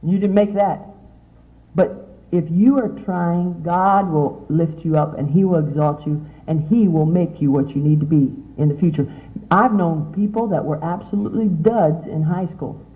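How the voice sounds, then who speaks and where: Middle-aged woman, youth speaker, chatty and animated; tinny lo-fi recording. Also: on the low side, moderate pace. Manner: chatty, animated, asks the audience many questions. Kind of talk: motivational talk to teen girls. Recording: tinny, phone-like lo-fi sound.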